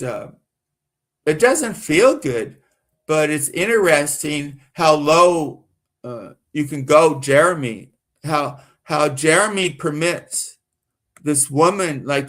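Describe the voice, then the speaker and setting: A man's voice: fairly high pitch, a bit bright. A man from the American South doing rambling live-stream commentary, repeating himself and getting worked up and indignant.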